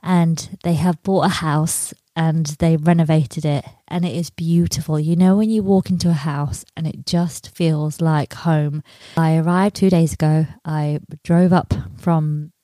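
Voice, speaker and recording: A woman's voice: low voice, fairly even intonation, measured pace, mellow, no echo. A woman comedian telling tour stories in a chatty, self-deprecating way with casual swearing. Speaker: touring stand-up comedian. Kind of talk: casual storytelling to camera.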